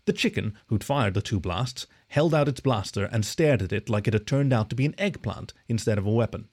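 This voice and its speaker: A man reading a story aloud as narrator, in an expressive, animated way. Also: fairly low pitch, fairly quick. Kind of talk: scripted narration.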